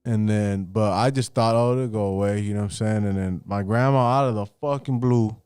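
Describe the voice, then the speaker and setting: A man's voice: on the low side, fairly even intonation, normal speed, darkish tone, clean tone, no room sound. A man casually telling a personal story on a podcast, loose and profane, acting out what his relatives said.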